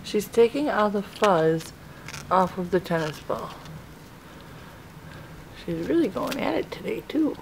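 Mom in her 30s baby-talking her dog on camera, slow and sweet, bit of noise. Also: medium pitch, animated, vocal fry, darkish tone. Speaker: vlogger. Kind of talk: casual family vlog. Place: home, then a car. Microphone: handheld camera.

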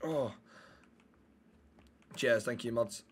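A man's voice: medium pitch, drawn-out words, slight background noise. A young man, chatting bluntly and swearing while streaming a game. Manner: sweary, blunt banter with chat. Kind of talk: live-stream chat while gaming.

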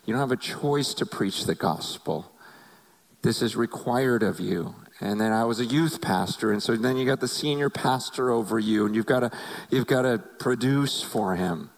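Middle-aged male pastor, earnest confessional testimony, voice mid-range, swings between quiet and impassioned. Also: medium pitch, moderate pace, low-quality recording. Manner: earnest, confessional, rising to emotional intensity. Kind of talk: personal testimony sermon.

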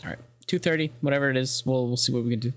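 A man's voice: medium pitch, fairly even intonation, very fast. A young man speedrunning a game and narrating it casually, cracking crude jokes, swearing freely and laughing often. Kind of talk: casual gameplay commentary.

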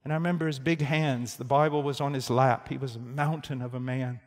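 A man preaching a sermon, telling a story quietly and then rising to loud, fervent shouts. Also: medium pitch, steady tone, fairly quick. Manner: storytelling, swings from hushed to shouting. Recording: reverberant hall.

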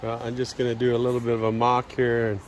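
A Canadian man giving relaxed, casual walking commentary to his viewers and partner at a garden nursery. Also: medium pitch, fast talker, low-quality recording. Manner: relaxed, chatty, addresses viewers and partner often. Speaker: travel vlogger. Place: garden nursery, outdoors and in greenhouse. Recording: outdoor recording with background noise.

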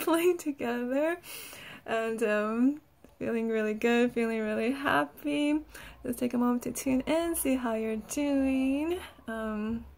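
Laughing often and leaning heavily on "like," a woman who does energy healing guides a session in a gentle, soothing tone. Her pitch is on the high side.

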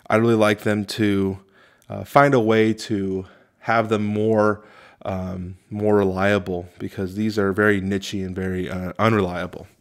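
A man with a somewhat low voice talks through a tabletop game review in a casual way. He reads the card text slowly and stops often to think, with plenty of ums and restarts between points. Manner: halting, many fillers, reads rules slowly.

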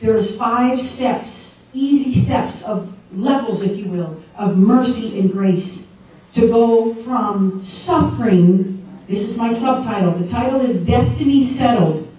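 A woman's voice: a little high, slow, dark tone. Woman preacher in a very echoey hall. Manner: emphatic, asks the audience questions. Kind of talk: sermon to a women's gathering. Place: large echoey meeting room. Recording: very echoey room, distant mic.

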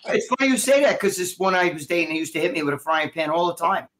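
A man's voice: high-pitched, expressive, fast, a bit bright, a little hiss or hum. A man hosting a live stream, trading crude, laid-back banter. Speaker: host. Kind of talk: casual chat on a live stream.

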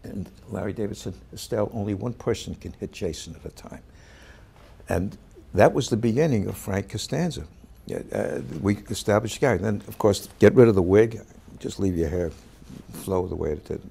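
A man, an actor, telling a backstage anecdote in an interview, lively as he acts out the voices of the people in the story. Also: on the low side, moderate pace. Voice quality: gravelly, husky. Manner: animated storyteller who acts out quoted voices.

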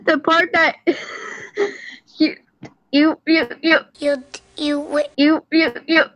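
A man putting on a giddy, high-voiced woman who squeals and stammers for comic effect. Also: flat delivery, takes it slowly, bright, forceful tone, heavily acted, poor audio. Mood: stunned, giddy. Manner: squealing, stammering, breaking into laughter.

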